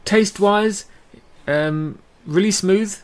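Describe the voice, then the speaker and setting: A man with an Australian accent co-hosts a casual podcast, speaking slowly in a high, smooth voice. He's chatty, says "um" a lot, and laughs frequently.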